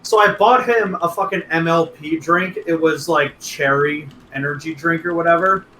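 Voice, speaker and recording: High, bright young man telling stories. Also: moderate pace. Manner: animated storytelling, crude jokes, voices friends. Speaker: podcast regular telling a story. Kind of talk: casual chat. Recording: echoey room with faint noise.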